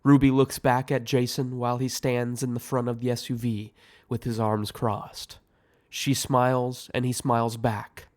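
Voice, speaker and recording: A man reading aloud the scene directions of his own audio screenplay in a measured way. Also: medium pitch, flat delivery, darkish tone. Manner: slow, measured. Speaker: writer and director narrating.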